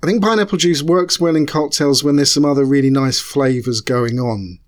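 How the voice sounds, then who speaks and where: A man co-hosting a casual podcast, explaining cocktail recipes in a measured way. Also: mid-range voice. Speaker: podcast co-host, cocktail maker. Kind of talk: casual chat.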